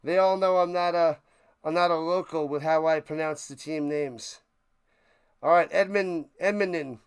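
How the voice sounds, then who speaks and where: A man's voice: fairly high pitch, steady tone, normal speed, clean tone. A man with a New York accent, a live-streamer chatting playfully and calling plays during a football watch party. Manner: rambling, playful, jumps between game calls and snack talk. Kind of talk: casual live play-by-play chat.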